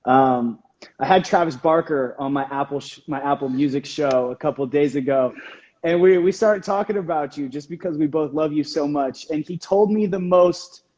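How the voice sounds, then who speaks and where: A man hosts a casual livestream interview and eases into his questions with fillers. His voice sits a bit high. The sound is dull and lo-fi. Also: normal speed, darkish tone. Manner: friendly, leading questions, fillers. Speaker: radio host. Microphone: phone on a video call.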